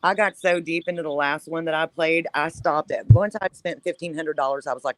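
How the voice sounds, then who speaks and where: A woman chatting casually on a panel, telling animated stories and laughing often. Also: sits low, a little fast, few pauses. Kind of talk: casual chat.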